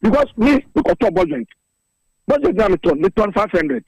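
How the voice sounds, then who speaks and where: A man's voice: high voice, very animated, a little slow, breathy edge, dry recording, low-quality recording. A man from Ghana speaking as a drivers' union spokesman in a radio interview, earnestly reeling off prices and figures.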